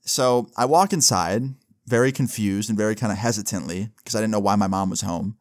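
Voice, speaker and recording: A man's voice: on the low side, fairly quick. A young man casually telling a personal story in a loose, profane way, often adding "like" and "right?" as he goes. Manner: loose and profane, with frequent "like" and "right?" tag questions.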